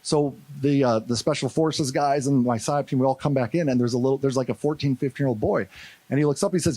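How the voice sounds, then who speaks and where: This fast-talking man from St. Louis, USA, has a medium-pitched voice and an echo-free recording. In his conference keynote he tells a story with energy, animatedly performing the quoted voices of its characters.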